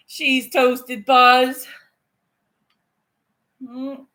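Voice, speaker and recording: Reading viewers' comments on her home livestream, a woman in her thirties answers in a casual way, swearing and laughing a lot. Her medium-pitched voice is a bit bright and a little slow, with long pauses.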